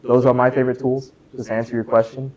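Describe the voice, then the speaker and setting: A man's voice: medium pitch, flat delivery, fast talker, darkish tone, muffled recording. A young man giving a casual club lecture to students, jokey and chatty, asking the room questions and saying "right?" a lot. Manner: chatty, asks the room questions, jokes, says "right?" often. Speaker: club workshop presenter. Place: classroom.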